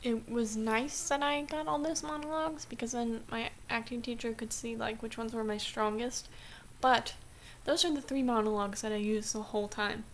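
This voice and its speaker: A woman's voice: on the high side, fairly even intonation, moderate pace, few pauses, slight background noise. A young woman vlogging in a casual, rambling way, full of restarts and fillers, recorded on a camera mic at home. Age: young adult. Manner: chatty, rambling with many restarts and "like". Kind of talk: casual vlog chat.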